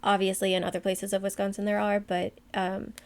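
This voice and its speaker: A woman's voice: mid-range voice, little pitch movement, a little fast, a little mellow. A young woman co-hosting a podcast in casual chat, talking at length with many fillers and asides. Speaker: podcast co-host.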